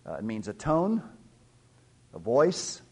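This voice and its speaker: A man preaching a sermon, teaching and questioning his listeners, swelling loud on key points. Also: medium pitch, huge pitch swings, slow pace, creaky, slightly rough. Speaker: pastor.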